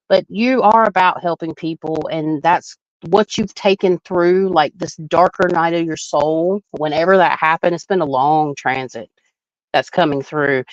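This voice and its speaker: A woman's voice: lowish voice, no room sound, dull audio. Chatty, playful woman astrologer. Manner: chatty, laughing, loose and playful. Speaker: astrologer hosting a live reading. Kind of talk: casual live chart reading.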